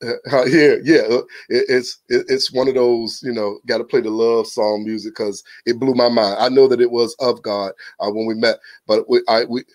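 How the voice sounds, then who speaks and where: A man in his forties from Virginia with a Southern accent, a pastor guesting on a church podcast, animated and telling stories with quick restarts. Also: mid-range voice, dry recording. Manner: animated, exclamatory, storytelling, frequent restarts. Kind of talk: casual church podcast interview.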